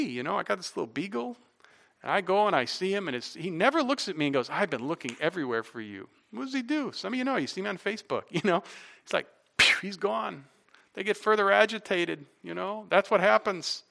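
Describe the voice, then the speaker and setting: A middle-aged pastor preaches a sermon in an animated, conversational way, getting loud for emphasis and tossing in casual asides. His voice is high-pitched with vocal fry.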